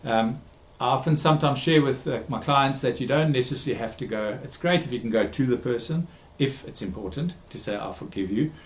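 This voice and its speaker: A man who works as a therapist gives a recorded talk, speaking emphatically, repeating key words and pausing with frequent ums. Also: mid-range voice, echoey room. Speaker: therapist giving a talk series.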